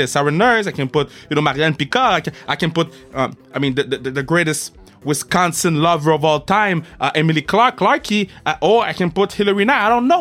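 A man hosting a casual podcast interview, excitable and profane, often stammering over repeated words. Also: a little high. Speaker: podcast host.

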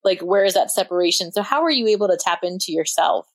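A woman's voice: fairly low pitch, expressive, fast talker, dry recording. A woman hosting a podcast interview, chatty and casual, leaning on "like" as she thinks aloud. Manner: chatty, filler-heavy with frequent "like", laughing easily. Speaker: podcast host.

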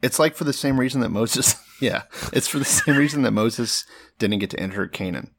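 A man's voice: mid-range voice, a little fast, husky. A man co-hosting a podcast, retelling a Bible story in an irreverent, profane, joking way and often breaking into laughter.

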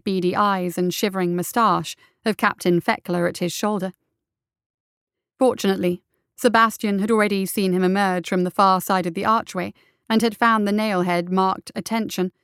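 A woman narrating a story in a measured, even storytelling manner. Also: mid-range voice, clean tone, dry recording, studio quality. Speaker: audiobook narrator. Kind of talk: scripted narration.

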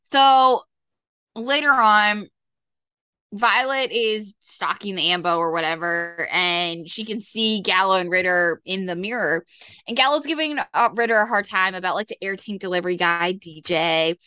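Bright, chatty young woman podcaster. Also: mid-range voice, normal speed, clear, resonant tone, dry recording, studio quality. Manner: chatty, acts out quotes, lots of "like". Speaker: podcast co-host. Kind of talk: casual TV episode recap.

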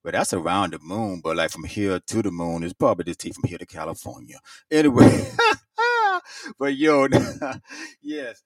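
A laid-back man co-hosting a casual music radio show, his voice on the low side. He repeats phrases and laughs easily. The sound is dry, and he is set back from the microphone. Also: sing-song, normal speed, no room sound, distant mic.

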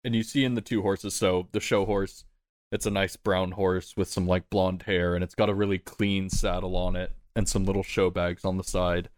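A man narrating as game master in a relaxed, descriptive, casual way. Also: low-pitched, moderate pace, no room sound, studio quality. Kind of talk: describing the scene in a tabletop game.

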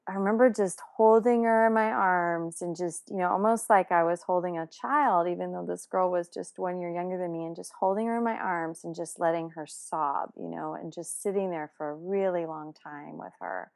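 A woman telling a personal story in a casual, animated way, with many fillers and restarts. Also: fairly low pitch, normal speed, creaky, hardly any pauses.

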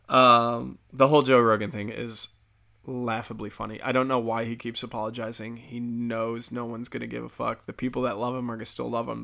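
A man's voice: mid-range voice, creaky, fairly bright tone. A man ranting casually and bluntly on his own show, profane, sarcastic and rambling from point to point. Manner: rambling with restarts. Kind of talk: casual solo rant.

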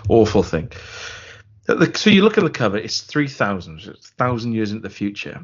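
Rambling man with a low voice. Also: big pitch swings, fairly quick, husky. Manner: rambling, laughs often, self-deprecating. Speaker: podcast co-host. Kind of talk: casual film chat. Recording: dull lo-fi sound.

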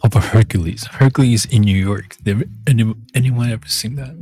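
Fairly quick and dark-toned, this low-leaning male voice wanders through a casual monologue. He interrupts himself often, humming little filler tunes.

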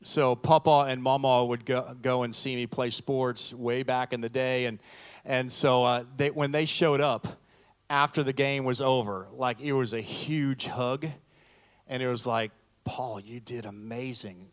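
A middle-aged pastor preaches in a mid-range voice that's clear and resonant, never hurrying. His sermon unfolds as lively storytelling with self-deprecating humor, and he acts out the voices of the people he describes.

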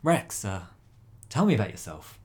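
A man's voice: lowish voice, big pitch swings, normal speed, darkish tone, husky. A man doing an eager down-on-his-luck bloke.

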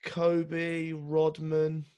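A man's voice: on the high side, completely flat delivery, extremely slow, warm tone, clear, resonant tone. A man with an English accent co-hosting a podcast, chatting casually, hesitant and self-deprecating. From England. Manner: hesitant, lots of ums and uhs, self-deprecating. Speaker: podcast co-host.

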